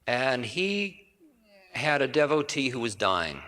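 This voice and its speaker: A man's voice: mid-range voice, very animated, slow, bright, forceful tone. A man giving a spiritual storytelling lecture in a rambling, conversational way, correcting himself and adding asides. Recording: reverberant 1980 hall recording.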